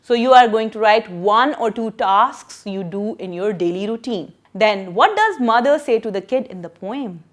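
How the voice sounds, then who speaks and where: A woman's voice: mid-range voice, expressive, normal speed, few pauses. A woman teacher explaining a lesson to children, patient and repeating her questions.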